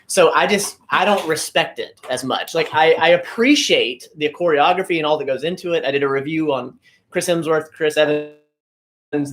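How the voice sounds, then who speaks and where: A man's voice: a little high, fairly bright tone. A young man from the United States, a guest chatting casually on a livestream and giving blunt opinions and fitness tips.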